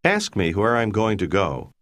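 A man narrating a language course, giving measured, explanatory prompts. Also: fairly low pitch, wildly swooping pitch, fairly bright tone. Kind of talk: scripted instructional narration.

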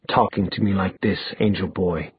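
A man voicing a menacing young male villain who speaks in a quiet, low, taunting voice. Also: fairly even intonation, moderate pace, slightly rough, dry recording. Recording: dry tinny phone-like sound.

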